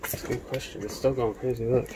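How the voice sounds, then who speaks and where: A man's voice: mid-range voice, fairly even intonation, fast talker, crowd noise. Man calling out to spirits on a ghost hunt. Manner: calls out to spirits, puzzled musing. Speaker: paranormal investigator host. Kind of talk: casual ghost-hunting chat.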